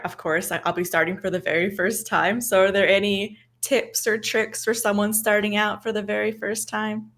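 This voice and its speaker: A woman's voice: medium pitch, fairly bright tone. A woman co-hosting a podcast, asking questions in an easygoing, self-mocking way. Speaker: podcast co-host. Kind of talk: casual interview chat.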